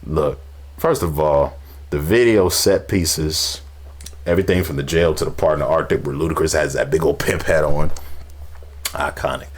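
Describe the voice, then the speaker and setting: A man hosting a casual music reaction, animated, laughing and humming beats between his comments. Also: extremely low pitch, moderate pace, breathy edge. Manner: animated, laughs often, hums beats and sings along. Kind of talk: casual music review chat.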